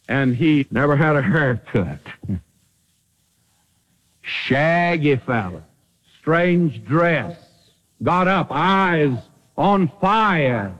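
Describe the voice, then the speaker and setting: Animated old-time radio preacher man. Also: fairly high pitch, dull audio. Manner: dramatic, swings from loud to hushed. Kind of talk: sermon.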